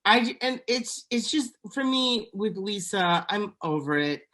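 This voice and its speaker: A woman's voice: medium pitch, unhurried. A young woman co-hosting a podcast, chatting bluntly and animatedly about reality TV. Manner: blunt, animated, quotes people in put-on voices. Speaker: podcast co-host. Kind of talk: casual reality TV gossip chat.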